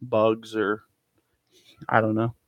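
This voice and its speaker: A man's voice: fairly low pitch, completely flat delivery, takes it slowly, highs cut off, a little hiss or hum. A man chatting casually as an online reseller, rambling through his haul and trailing off with ums. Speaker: eBay reseller showing a haul. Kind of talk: casual live haul chat. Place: cluttered storage room indoors.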